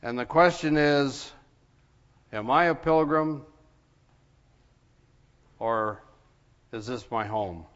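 Slow halting man preaching a sermon. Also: mid-range voice, fairly bright tone, in a large hall. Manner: halting, many "uh" fillers. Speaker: pastor. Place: church sanctuary. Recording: lo-fi church broadcast.

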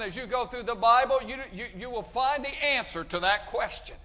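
A man preaching a sermon, emphatic, pushing his voice up loud and dropping it low. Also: normal speed, few pauses. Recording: dull sound with long hall reverb.

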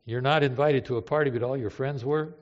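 A man's voice: medium pitch, steady tone, fairly quick. Impassioned preacher man in an echoing hall. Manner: emotive, swings from hushed to impassioned. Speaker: pastor. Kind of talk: sermon. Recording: reverberant hall, dull lo-fi sound.

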